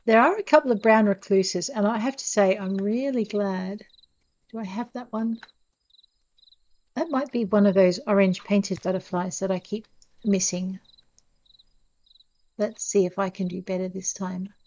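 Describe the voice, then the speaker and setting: A woman's voice: medium pitch, unhurried, long pauses, darkish tone. Chatty woman doing game commentary, pokes fun at herself, talks to the viewers, kinda muffled lo-fi mic. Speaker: gameplay narrator. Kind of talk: casual let's-play commentary.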